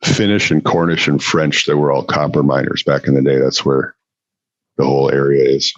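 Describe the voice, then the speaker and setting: A man with a very deep, low voice talks in a relaxed, easygoing way, dropping in plenty of yeps and mm-hmms. He comes across as a casual podcast guest. The sound is dry and a little muffled and dull. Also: normal speed, no room sound. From Upper Midwest US near the Canadian border. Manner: laid-back, lots of yep and mm-hmm. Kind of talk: casual chat.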